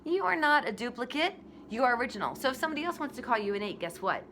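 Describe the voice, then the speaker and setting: A woman in her forties, a blogger giving a candid, animated motivational talk. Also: a little high, very fast, a little hiss or hum.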